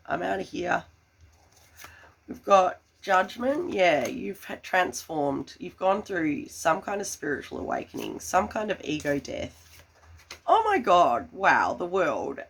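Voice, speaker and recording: Slow-talking, gravelly tarot reader woman. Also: on the low side. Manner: gushing, filler-heavy, breaks into excited laughs. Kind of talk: tarot reading.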